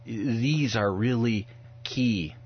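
A man's voice: medium pitch, extremely slow, slightly rough, muffled recording. A man speaking as a pastor and radio guest, teaching on a Bible passage in an earnest, reflective way, often restarting his sentences.

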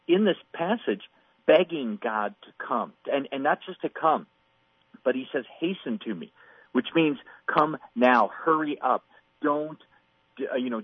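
Man, middle-aged, earnest Bible teaching, husky voice, dry narrow phone-like sound. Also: mid-range voice, no echo. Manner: earnest, emphatic, acts out quoted pleas. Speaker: Bible teacher on a radio program.

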